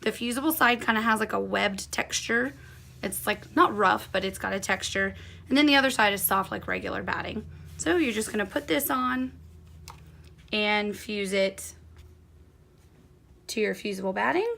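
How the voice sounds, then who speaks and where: A woman's voice: medium pitch, normal speed, gravelly, long pauses, sharp tone. A woman giving a hands-on quilting tutorial, chatty and encouraging as she talks through each step while working. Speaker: quilting instructor.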